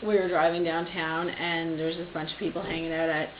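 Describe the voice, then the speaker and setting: A woman casually telling stories in a video chat, acting out quotes loudly. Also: deep voice, brisk. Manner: animated, acts out quotes loudly. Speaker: vlogger. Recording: echoey room, dull lo-fi sound, faint noise.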